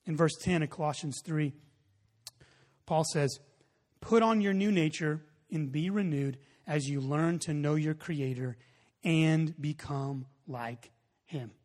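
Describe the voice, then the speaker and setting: Animated high-voiced male pastor in a reverberant hall. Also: slow. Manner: animated storytelling, acts out his own reactions. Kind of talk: sermon.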